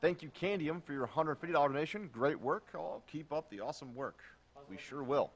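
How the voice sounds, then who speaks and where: A man's voice: on the high side, brisk. A man hosting a charity live stream, reading donation comments aloud in a casual, jokey way.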